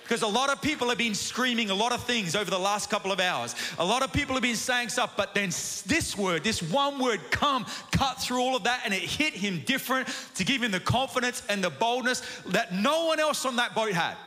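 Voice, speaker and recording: A man with an Australian accent preaching a sermon, telling a personal story in a chatty, animated way that keeps asking "right?". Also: very high-pitched, a little fast, few pauses. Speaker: pastor. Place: church auditorium. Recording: long hall reverb.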